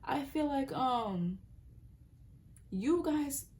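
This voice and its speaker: A woman's voice: high-pitched, lively intonation, very slow, a little mellow. A young woman giving a casual tarot reading, talking in a rambling, earnest way and often breaking off mid-thought. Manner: rambling, earnest, self-interrupting, sometimes laughing or dropping to a whisper. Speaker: tarot reader.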